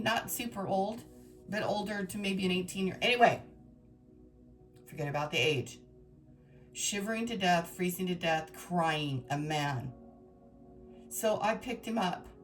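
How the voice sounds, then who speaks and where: A woman's voice: medium pitch, fairly bright tone. A woman tarot reader telling her viewers a personal story in an emotional, rambling, dramatic way.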